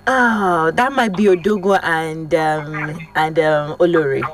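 A young woman hosting a live radio call-in request show, chatting briskly with callers. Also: low-pitched, crowd noise.

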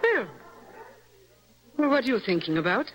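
An actress playing a poised, motherly young wife in an old-style radio drama, gently teasing but firmly in charge. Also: fairly high pitch, very animated, normal speed, a faint crowd, rough recording.

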